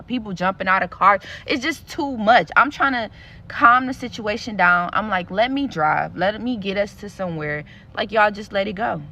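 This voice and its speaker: A woman's voice: mid-range voice, creaky, bright, forceful tone. A young adult woman telling a storytime rant in a casual, blunt, profane way, acting out what other people said. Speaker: social media creator.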